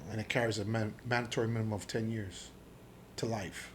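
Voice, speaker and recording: A middle-aged man from Jamaica, telling his story as a podcast guest in an animated, profane way, acting out the dialogue. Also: fairly low pitch, a little fast, a little hiss or hum. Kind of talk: casual storytelling interview.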